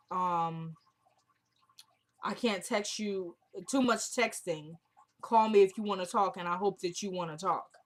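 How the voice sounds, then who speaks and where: A woman casually recapping a TV episode for viewers, retelling each scene line by line with "he goes, she goes" and stopping to give her own blunt opinions. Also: medium pitch. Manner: chatty and opinionated, talks straight to viewers.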